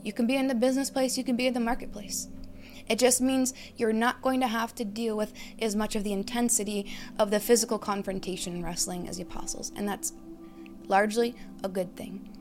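A woman delivers a meditative sermon in a slightly high voice. She teaches by posing questions and listing ideas, and she sinks into a hushed tone on key phrases. Soft music plays faintly underneath. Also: steady tone, a little fast. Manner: reflective, teaching with questions and lists. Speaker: preacher.

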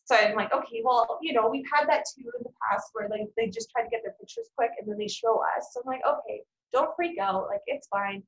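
A young adult woman with a high voice tells a personal story as a podcast guest. She talks candidly and emotionally, with frequent fillers and the odd swear word. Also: sing-song, fast talker, few pauses, echoey room, highs cut off.

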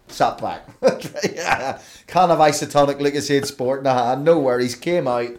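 A man, a broadcaster and DJ guest telling rambling, animated stories in a casual podcast chat. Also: medium pitch, fairly quick. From Belfast, Northern Ireland. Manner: rambling, animated storytelling with restarts.

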